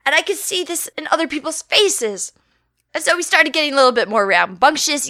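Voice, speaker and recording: A woman telling a comic anecdote in a lively, building storytelling manner. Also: sits high, moderate pace, no room sound, clean studio sound.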